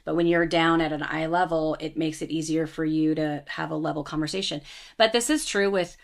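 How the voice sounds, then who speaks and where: A woman co-hosting a casual podcast chat, telling stories in a calm, even way. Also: low-pitched, a little fast. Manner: calm, even storytelling with acted-out quotes. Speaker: podcast co-host.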